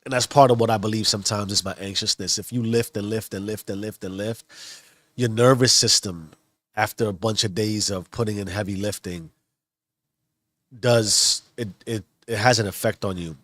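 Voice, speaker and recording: A man's voice: lowish voice, a bit bright, no room sound. Earnest married man rambling, dry close mic. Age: adult, married with children. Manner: rambling, earnest, with many restarts. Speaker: self-improvement vlogger. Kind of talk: casual motivational monologue.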